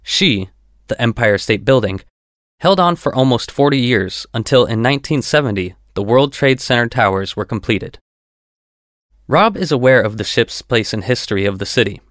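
A man reading scripted narration in a measured, descriptive manner. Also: medium pitch, expressive, a bit bright, dry recording, studio quality.

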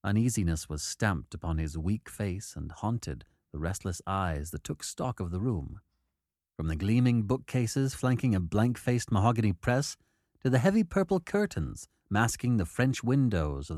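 A male audiobook narrator with a lively, rising-and-falling delivery that keeps the story moving. He does the characters' voices himself, recorded close and dry with no room sound. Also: fairly low pitch, moderate pace, no room sound. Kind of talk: audiobook narration of a period novel.

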